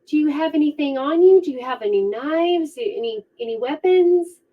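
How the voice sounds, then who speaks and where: A woman voicing gentle, coddling police officers who ask soothing questions, on a dull lo-fi recording. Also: sits high, expressive, normal speed, voice pushed up. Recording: dull lo-fi sound.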